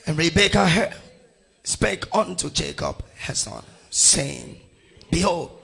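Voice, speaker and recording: A middle-aged male pastor from Nigeria leading his congregation through a Bible passage verse by verse, calling out each verse and rising to shouts on key lines. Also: fairly high pitch, expressive, takes it slowly, gravelly, breathy edge. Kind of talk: sermon with congregational scripture reading.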